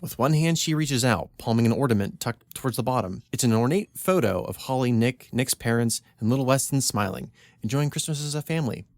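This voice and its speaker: A man's voice: mid-range voice, animated, fairly quick, no room sound. A man co-hosting a comedy podcast, reading his own script aloud with wry asides and frequent laughs. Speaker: podcast co-host.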